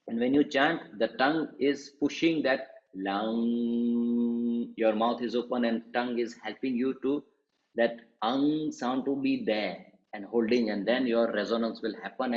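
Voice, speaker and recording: Male meditation teacher, patient and repetitive delivery, mid pitch, dull roomy recording. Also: darkish tone. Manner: slow, patient explaining with repetitions. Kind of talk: spoken lesson on chanting.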